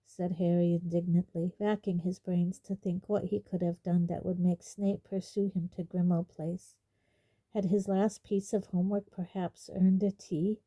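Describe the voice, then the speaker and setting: A woman narrating a fantasy storybook aloud in a measured, even reading. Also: lowish voice, poor audio. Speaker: audiobook reader.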